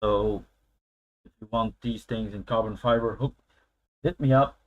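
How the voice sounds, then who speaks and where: A man's voice: fairly low pitch, steady tone, measured pace, narrow, tinny audio. A man hosting a casual live stream, chatting loosely and laughing often as he answers his viewers.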